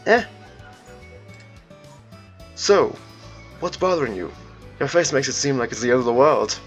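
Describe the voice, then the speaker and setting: A man voicing a big, friendly furry man with an attempted British accent, calm and kindly reassuring. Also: mid-range voice, measured pace, soft background music, lightly acted. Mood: curious.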